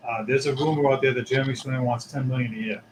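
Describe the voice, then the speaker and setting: A man's voice: medium pitch, steady tone, very fast, a little hiss or hum, low-quality recording. A man with a Boston accent, co-hosting a sports podcast, grumpy and given to emphatic rants. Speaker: podcast co-host. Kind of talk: casual sports chat.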